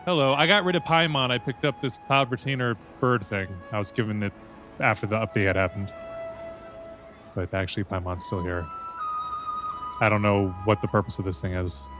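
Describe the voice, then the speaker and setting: A man's voice: on the low side, normal speed, pauses often. A man casually commenting while he plays a video game, joking and talking back to the characters on screen. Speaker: streamer. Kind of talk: casual let's-play commentary. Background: game audio and music.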